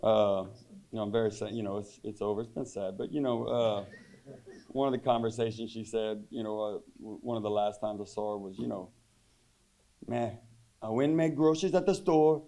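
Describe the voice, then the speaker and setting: A man, a high school football head coach, giving a deadpan joking banquet speech full of rambling fillers. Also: brisk.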